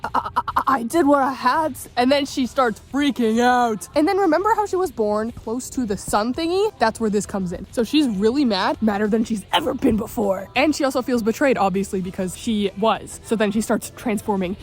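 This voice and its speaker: A woman's voice: fairly high pitch, expressive, normal speed, few pauses, a little mellow, soft background music. A woman casually recapping a story, rambling with many fillers and exclamations.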